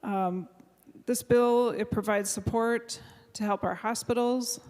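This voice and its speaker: A woman's voice: a little high, steady tone, darkish tone. A woman senator giving a floor speech on a bill, hesitant with many fillers and restarts. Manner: halting, many fillers and restarts, moved to tears near the end. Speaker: state senator presenting a bill. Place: large legislative chamber. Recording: reverberant chamber floor mic.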